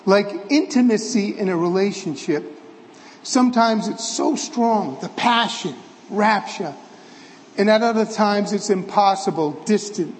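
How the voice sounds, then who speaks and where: A man voicing a frail, dying elderly bishop who speaks quietly, slowly and tenderly. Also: high voice, big-room sound. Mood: gentle.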